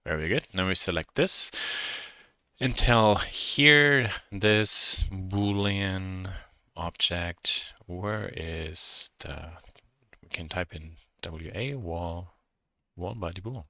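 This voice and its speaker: A man with a German accent teaching a software modeling lesson, thinking aloud and correcting himself as he works. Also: low voice, slow, dry recording. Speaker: instructor.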